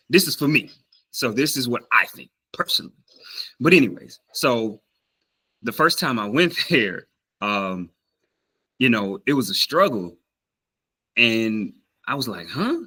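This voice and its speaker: In this low-quality recording, a man with a fairly low pitch and a Southern US accent shares a story while casually vlogging about language learning. He's lively, acts out the voices of others, and leans on fillers and frequent restarts.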